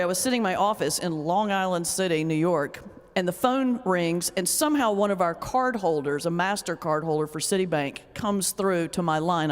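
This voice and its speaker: A woman's voice: fairly low pitch, smooth. A middle-aged woman, an ordained minister giving a humorous lecture with a joking, teasing storyteller's delivery. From North Carolina, US South. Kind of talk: humorous lecture with stand-up comedy. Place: large hall before a live audience. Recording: long reverb of a lecture hall.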